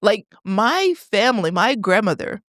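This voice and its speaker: A woman from Detroit, a podcast guest, telling a family story in an animated, chatty way with frequent laughs. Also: medium pitch, unhurried, dry recording, studio quality. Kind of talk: conversational storytelling. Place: podcast studio.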